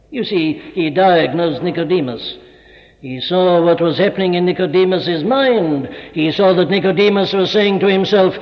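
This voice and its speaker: A man's voice: sits high, lively intonation, normal speed. A man preaching a sermon, emphatic and repeating phrases for effect, recorded in a large hall. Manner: emphatic, rhetorical repetition. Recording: dull echoey hall recording.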